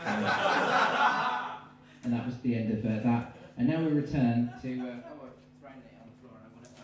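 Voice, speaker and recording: A man with an English accent telling an absurd story in stand-up, rambling and cutting in with deadpan asides. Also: mid-range voice, a little hiss or hum. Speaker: stand-up comedian. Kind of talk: stand-up storytelling with silly voices. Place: live comedy venue. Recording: distant, very echoey room mic.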